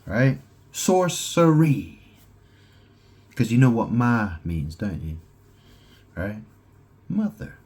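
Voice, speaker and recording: A man's voice: medium pitch, sing-song, takes it slowly, pauses often, a little mellow, husky. A man recording a rambling monologue at home, meandering through wordplay and asking "right?" often. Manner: meandering, wordplay-heavy, with many "right?" asides. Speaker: solo vlogger. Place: at home in his house.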